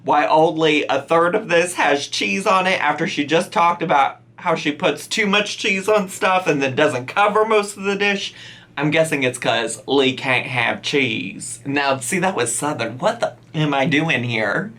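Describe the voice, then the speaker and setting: A man's voice: fairly high pitch, moderate pace, sharp tone. A man hosting comedic reaction commentary, incredulous and teasing, often breaking into laughter. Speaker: reaction channel host.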